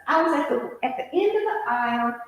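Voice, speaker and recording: A middle-aged woman co-hosting a casual chat, telling a story in an animated way and laughing often. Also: sits high, fairly quick, dull audio. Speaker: podcast co-host. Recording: very echoey room with long reverb.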